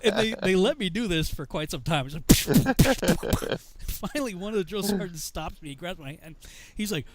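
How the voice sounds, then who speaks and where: A man from Massachusetts telling a story in casual conversation, animated and laughing often as he acts out the people in it. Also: sits high, a little fast, heavy background noise.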